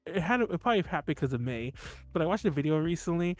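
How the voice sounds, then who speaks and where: A man hosts a podcast in casual chat. His voice sits a little high, and he rambles through stories. He restarts sentences and laughs often. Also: expressive, fast talker, faint music behind. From Mexican-American. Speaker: podcast host.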